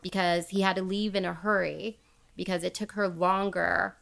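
Casual woman podcaster spinning a true crime tale, bit of fry in her voice. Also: fairly low pitch, level tone, normal speed, a bit bright. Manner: chatty, laughs often, quotes people as she tells. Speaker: podcast host retelling a true crime story. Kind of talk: casual storytelling chat.

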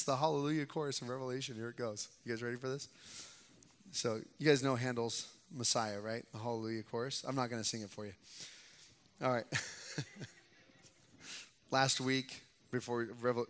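A young adult male pastor giving a conversational sermon in a church sanctuary, who grows louder and more emphatic when he reads scripture aloud. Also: medium pitch. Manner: conversational preaching, rising loud for scripture reading. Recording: long hall reverb.

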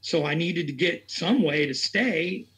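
A man's voice: a little high, animated, unhurried, fairly bright tone, slightly rough. A man working as a racing chaplain, telling his story in an interview in a rambling, earnest way and acting out what others said. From Tennessee.

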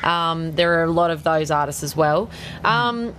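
Chatty Australian woman singer, a little low. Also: measured pace, background noise. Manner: chatty, laughs often, many fillers. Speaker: singer, interview guest. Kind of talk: casual interview chat.

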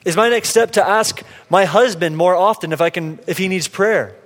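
A man's voice: high voice, moderate pace, fairly bright tone. A man preaching a sermon as pastor, telling a story in a casual, conversational way. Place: church sanctuary. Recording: long hall reverb.

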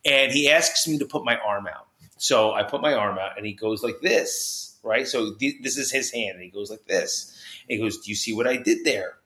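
Energetic podcast guest from New Jersey, bright voice, acts out the people he quotes, slightly echoey room. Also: lowish voice, moderate pace. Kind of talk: personal storytelling in a podcast interview.

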